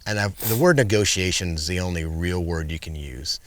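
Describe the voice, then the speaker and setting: A middle-aged man in casual interview chat, an animated storyteller who acts out the commands he once gave his bear. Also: sits low, a little fast, slight background noise. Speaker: guest, wildlife filmmaker.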